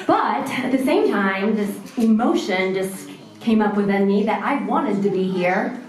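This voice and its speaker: Woman, doctor, earnest speech, halting, far from the mic. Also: medium pitch, lively intonation, crowd noise. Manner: earnest, self-deprecating, halting. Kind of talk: public speech at an event. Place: large indoor event room. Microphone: far camera. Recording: echoey room from far off.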